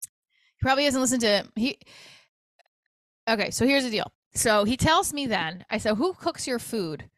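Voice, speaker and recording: A woman's voice: a little high, lively intonation, normal speed, long pauses, no echo. A middle-aged woman hosting her own comedy podcast, venting in a candid, profane, exasperated storytelling manner.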